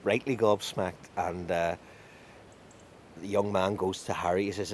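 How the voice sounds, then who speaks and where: A man telling a folk tale in a lively, wry way with drawn-out emphasis. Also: low voice, a little hiss or hum. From County Tyrone. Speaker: storyteller.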